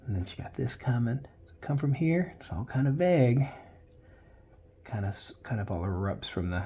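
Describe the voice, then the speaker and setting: Male artist, loose, jokey running talk while drawing; husky voice that swings up and down. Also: medium pitch, sing-song, moderate pace, mellow. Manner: rambling, jokey storytelling. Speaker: artist sketching live. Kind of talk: casual commentary while drawing.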